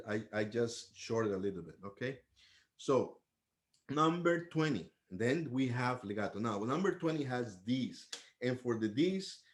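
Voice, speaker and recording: A man's voice: mid-range voice, slight background noise. Man patiently teaching trumpet articulation. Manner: patient, explains step by step, sings syllables to demonstrate. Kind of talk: music lesson.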